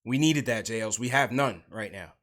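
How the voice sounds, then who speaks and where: A man's voice: medium pitch, moderate pace, a bit bright. A man hosting a sports livestream podcast, talking casually about basketball and calling out chat viewers. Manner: hypes up the chat, greets viewers.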